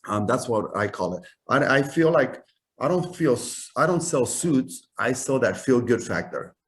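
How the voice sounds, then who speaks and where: A man in his fifties, a suit maker talking casually as an interview guest, self-assured and animated, often tagging lines with "right?". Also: medium pitch, measured pace.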